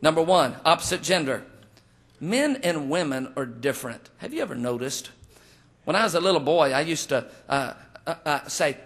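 A man's voice: fairly high pitch, lively intonation, normal speed, fairly bright tone. A man preaching a humorous sermon as a pastor, telling folksy stories and acting out the people he quotes. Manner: folksy storytelling with jokes; acts out quoted voices.

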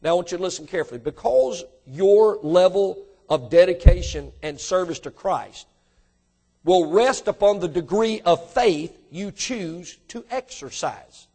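A man with a high voice, preaching a sermon with emphatic, rising delivery. He speaks straight to his congregation, pressing them with questions. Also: unhurried, mellow, slightly rough. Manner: addresses congregation directly with questions. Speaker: pastor.

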